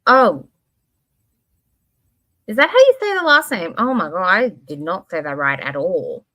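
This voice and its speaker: Her fairly low voice is sing-song and sharp-toned, with a measured pace, as she hosts a casual livestream. She hops expressively between thoughts, throws in the occasional swear, and now and then reads chat messages out loud.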